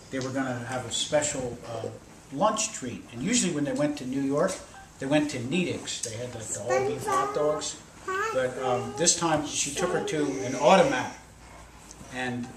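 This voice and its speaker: Older man telling a rambling story. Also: mid-range voice. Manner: rambling, animated, acts out voices with shouts. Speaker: grandfather telling a story to children. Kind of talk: casual storytelling. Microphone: camcorder across the room. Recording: echoey room, distant camera, loud noise.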